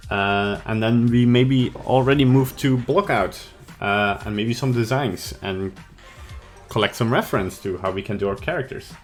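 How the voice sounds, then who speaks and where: A man hosting a casual live stream, rambling in a relaxed way with many fillers. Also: mid-range voice, normal speed, faint music behind.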